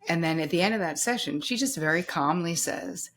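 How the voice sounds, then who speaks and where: A woman's voice: fairly low pitch, expressive, fairly quick, fairly bright tone. A woman hosting a podcast, telling a candid personal story in casual conversation. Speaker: podcast host.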